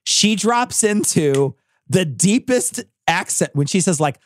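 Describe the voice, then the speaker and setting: A man hosting a podcast in casual chat, animated, swearing and laughing often. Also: sits high, takes it slowly. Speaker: podcast host.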